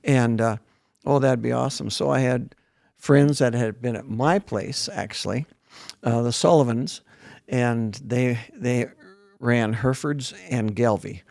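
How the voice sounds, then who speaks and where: A man's voice: mid-range voice, slow pace, gravelly, darkish tone, no echo. An older man whose first language is German, chatting casually as a guest, laughing often and poking fun at himself. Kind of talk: casual interview chat.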